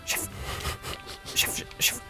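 Give me a man in whispered role-play, pleading softly, with faint game music behind. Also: extremely slow. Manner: hushed, pleading, repeating short calls. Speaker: co-host playing a kitchen game.

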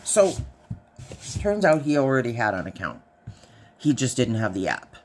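A middle-aged woman tells a story in a low, husky voice. Her pitch moves freely through the telling. Her tone is chatty and dry. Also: sing-song, moderate pace, a little mellow. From Canada. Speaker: haul vlogger. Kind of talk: casual storytelling.

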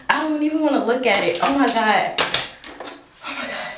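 A young woman vlogging to camera, nervous and excitable, exclaiming and laughing as she talks. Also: sits high, normal speed, pauses often, a little hiss or hum. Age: young adult. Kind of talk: casual vlog talk to camera. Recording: echoey room, some distance from mic.

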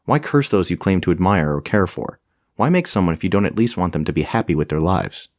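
A man's voice: sits low, expressive, fairly quick, a little mellow. A man voicing a proud, powerful warrior queen and sorceress in an audiobook, cold and commanding. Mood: indignant. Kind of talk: audiobook character voice.

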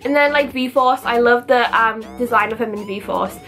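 A young woman with a fairly high voice gushes her way through a chatty vlog. She talks casually and excitedly, breaking into gasps and playful outrage. Soft music plays faintly underneath. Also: moderate pace. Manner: gushing, animated fangirl talk with gasps and mock outrage. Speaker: vlogger.

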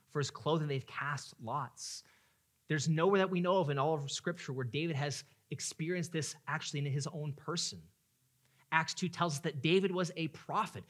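Impassioned man preaching a sermon. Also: a little high. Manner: swings from hushed to loud impassioned pleading. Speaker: pastor.

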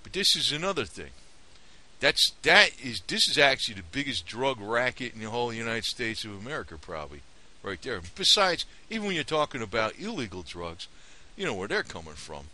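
A man's voice: medium pitch, big pitch swings, a little fast, bright, forceful tone. A man ranting casually to camera about a TV show, rambling, indignant and conspiratorial. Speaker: vlogger. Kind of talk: casual opinion rant to camera.

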